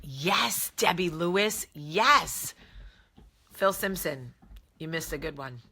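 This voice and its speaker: A woman's voice: low-pitched, takes it slowly, bright, forceful tone, husky. A woman with a New Jersey accent hosting a casual live chat, candid and jokey with blunt, salty asides. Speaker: host.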